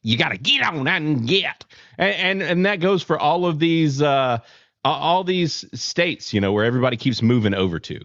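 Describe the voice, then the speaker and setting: A man's voice: fairly high pitch, expressive, normal speed, fairly bright tone, no room sound, dull audio. A Southern man from near Charlotte hosting a live-stream podcast, rambling, swearing freely and laughing often. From near Charlotte, North Carolina. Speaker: podcast host. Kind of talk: casual live-stream chat.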